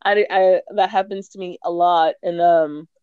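A young woman who talks loud and blunt while she chats on a podcast, laughing often. Her voice comes through a dull, lo-fi mic in a dry room with no echo. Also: lowish voice, steady tone, a little slow, clear, resonant tone. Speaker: podcast co-host. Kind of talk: casual chat.

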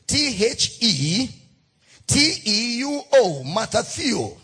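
A man's voice: extremely high pitch, very animated, slow, pushed and bright, slightly rough. A male pastor preaching a sermon in a church, emphatic, repeating key words in a sing-song cadence.

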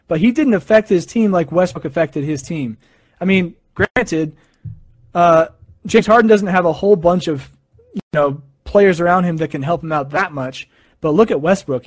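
A young man with a fairly high voice talks about basketball in a casual monologue. He tells his stories with excited, animated energy and quick asides. The recording is dry and close, with no room sound. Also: dry recording. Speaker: sports fan sharing opinions.

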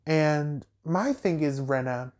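In a slightly high voice, a podcast host takes his time recapping reality TV drama. His casual rant is animated and emphatic, and he slips in sassy asides and pointed questions along the way.

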